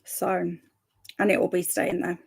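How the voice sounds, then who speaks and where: A woman's voice: lowish voice, flat delivery, measured pace, vocal fry, darkish tone, breathy edge. A young woman hosting a live reading stream, chatting casually and reading out viewers' comments, bubbly, laughing often and tripping over her words now and then. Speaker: livestream host of reading sprints.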